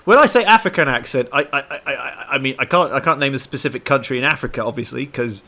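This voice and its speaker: A man co-hosting a casual film podcast, halting and restarting his sentences, often laughing. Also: mid-range voice, sharp tone. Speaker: podcast co-host.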